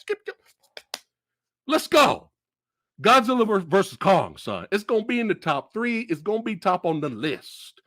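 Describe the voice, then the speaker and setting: Animated, profane man ranting about films. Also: extremely high pitch, measured pace, no room sound, studio quality. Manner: animated, profane, shouting bursts. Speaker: movie review host. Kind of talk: excited film review rant.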